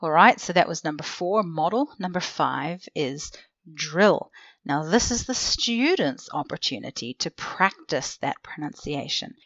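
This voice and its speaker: Low-voiced woman explaining teaching steps. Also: no echo, dull audio. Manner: casual, clear explaining with rhetorical questions. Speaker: language teacher trainer. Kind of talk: instructional podcast talk. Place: seated indoors.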